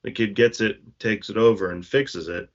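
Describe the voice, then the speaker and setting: A man's voice: lowish voice, steady tone, normal speed. A man co-hosting a podcast, talking casually and often stopping to search for words. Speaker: podcast co-host. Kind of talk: casual conversation. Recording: muffled lo-fi call audio.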